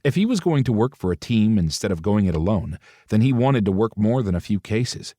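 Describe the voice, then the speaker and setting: A man's voice: on the low side, big pitch swings, brisk, mellow, dry recording, studio quality. A man narrating a romance audiobook, switching into different voices for the characters' dialogue.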